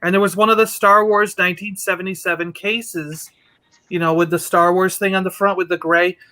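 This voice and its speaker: A man chatting casually on a show, telling an animated story and acting out the quotes. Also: sits high, brisk. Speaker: podcast co-host. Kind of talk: casual chat.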